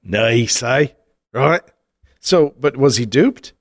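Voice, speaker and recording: A man's voice: mid-range voice, expressive, slow pace, no room sound, clean studio sound. A man co-hosting a podcast, telling myths casually and breaking off with jokey asides. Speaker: podcast co-host. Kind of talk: casual storytelling chat.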